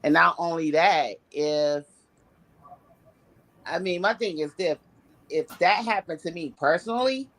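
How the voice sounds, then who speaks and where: Slow, blunt, tipsy woman caller. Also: lowish voice, fairly bright tone. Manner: slow, blunt, slangy talk. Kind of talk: casual live-stream chat.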